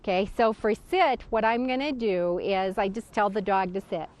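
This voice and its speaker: A woman's voice: medium pitch, moderate pace, darkish tone. A woman dog trainer giving casual spoken instruction, explaining and demonstrating commands with a dog.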